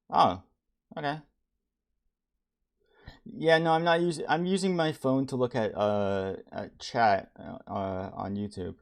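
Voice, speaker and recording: A young man streaming as he builds a game level, talking casually in a halting way with many restarts and fillers. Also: medium pitch, fairly even intonation, gravelly, smooth. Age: young adult. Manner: halting, many restarts and ums, reads chat aloud. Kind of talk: casual live-stream talk.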